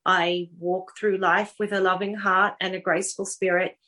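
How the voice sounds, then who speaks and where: A woman's voice: fairly low pitch, normal speed. A middle-aged woman with an Australian accent, a guest author telling stories animatedly in a casual podcast interview. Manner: warm, animated storytelling with laughs.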